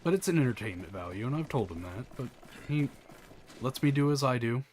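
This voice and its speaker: A man's voice: mid-range voice, animated, a little fast, a little mellow, slight background noise. A man giving jokey let's play commentary, sliding into mock-grand announcements as he plays. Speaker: gaming channel host. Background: game music.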